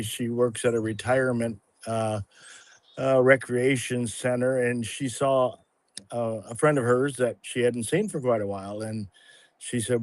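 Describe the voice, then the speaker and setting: Halting man in his sixties, dry sound. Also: mid-range voice, a little mellow, no echo. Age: 60s. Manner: rambling, halting, with many restarts and fillers. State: a little emotional at times. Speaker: guest sharing a testimony. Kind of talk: casual spoken testimony on a livestream.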